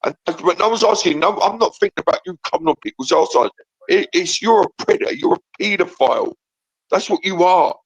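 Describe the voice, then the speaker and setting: A man's voice: sits high, lively intonation, fairly quick, breathy edge, dry recording, rough recording. A man arguing angrily on a call-in show, hurling insults and repeating himself. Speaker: caller. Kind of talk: heated argument on a call-in show.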